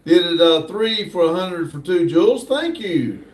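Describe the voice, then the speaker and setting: A man hosting a casual livestream, slowly reading viewer comments aloud in a drawl. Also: sits high, animated. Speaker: livestream host reading chat. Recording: echoey room, distant mic.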